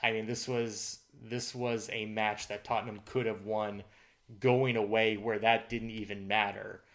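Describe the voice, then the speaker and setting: A man's voice: lowish voice, little pitch movement, measured pace, a bit bright. A man co-hosting a casual sports podcast, recapping match results in a rambling way with lots of fillers. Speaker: podcast co-host.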